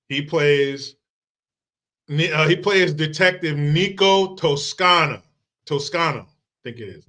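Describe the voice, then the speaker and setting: Slow-talking, animated male livestream host. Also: medium pitch. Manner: animated and profane, laughs often. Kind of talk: casual livestream commentary.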